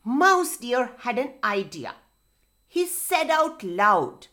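Expressive storyteller woman. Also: a little high. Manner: expressive, slow, sing-song, addresses children. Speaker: children's storyteller. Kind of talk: storybook reading for children.

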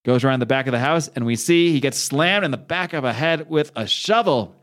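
A man's voice: medium pitch, animated, brisk, fairly bright tone. Rambling man recapping a show. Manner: rambling, acts out characters' lines, frequent fillers and restarts. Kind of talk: casual recap of a TV episode.

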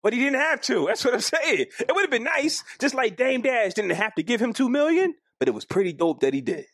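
A man's voice: brisk, dry recording. Man, podcast co-host, casual chat, argumentative, dry close-mic sound. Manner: animated, argumentative, jumps into high-pitched emphasis.

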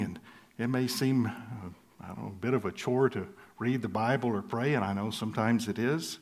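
Male pastor, mid-pitched voice, earnest expository preaching with emphatic stresses and soft chuckles. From southern United States. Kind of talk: expository sermon.

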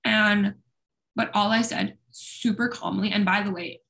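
A woman's voice: mid-range voice, fairly even intonation, unhurried, gravelly, a bit bright. A young woman speaking openly and at length as an interview guest, talkative and self-deprecating. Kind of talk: candid personal conversation.

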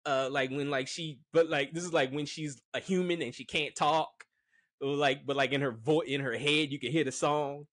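A man's voice: a little high, fairly even intonation, moderate pace, a bit bright, no echo. A man giving a casual, rambling movie review, frank and full of fillers. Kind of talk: casual opinion monologue.

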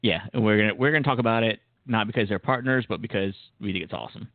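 A man's voice: fairly low pitch, fast talker, no echo. A man co-hosting a podcast in casual chat, teasing and often laughing. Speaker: podcast co-host. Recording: tinny phone-like sound.

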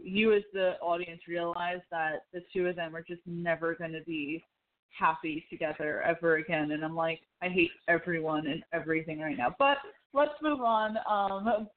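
A woman co-hosting a casual podcast, retelling scenes from a TV show in an animated, chatty way and acting out the characters' lines. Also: fairly low pitch. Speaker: podcast co-host. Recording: phone-like narrow sound.

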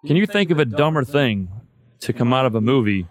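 A man's voice: medium pitch, expressive, fairly quick, dry recording. A man hosting a podcast in casual chat, loose and profane, saying "man" all the time. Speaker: podcast host.

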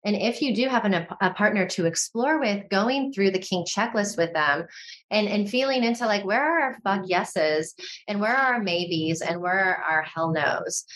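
A woman talking as a podcast guest in a casual, animated way, often saying "like". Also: medium pitch, moderate pace. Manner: animated, frequent fillers like "like".

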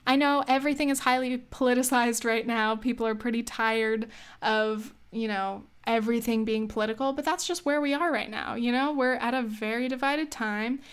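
Young woman, casual opinion monologue, wry and self-mocking, slightly high, clean smooth tone. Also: steady tone, moderate pace. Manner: chatty, wry, laughs at herself, trails off and restarts.

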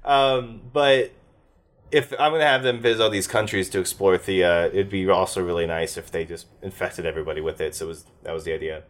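Casting note: very low-pitched man, game master in a loose post-session chat, rambly, lots of ums. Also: brisk. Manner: rambling, many fillers and restarts.

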